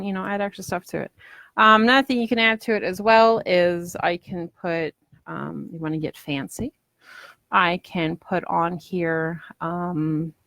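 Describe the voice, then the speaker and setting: A chatty woman crafter talks through a live demo from home, rambling along and slipping into little voices for imagined customers. Her voice sits on the lower side, and the sound is dry and close. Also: a bit bright, dry recording. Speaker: polymer clay crafter selling ornaments.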